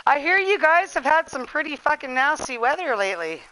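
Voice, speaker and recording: A woman's voice: high voice, sing-song, brisk, bright, forceful tone, a little hiss or hum, poor audio. A woman from Western Canada with a Canadian accent, chatting casually with friends while streaming a game, laughing, teasing and swearing freely. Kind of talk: casual gaming chat with friends.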